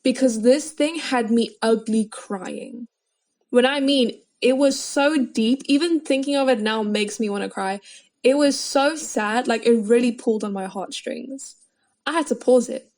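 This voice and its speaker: A woman's voice: a little high, unhurried, a little mellow. A young woman hosting her own podcast, chatting casually and dramatically with self-mocking asides. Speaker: podcast host. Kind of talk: casual solo podcast chat.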